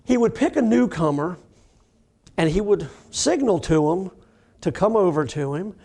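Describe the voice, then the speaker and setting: A middle-aged man, a recovery doctor, telling a personal story in a lively, self-mocking way and acting out the dialogue. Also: sits high, measured pace. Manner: animated storyteller who acts out dialogue. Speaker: addiction recovery doctor giving a talk.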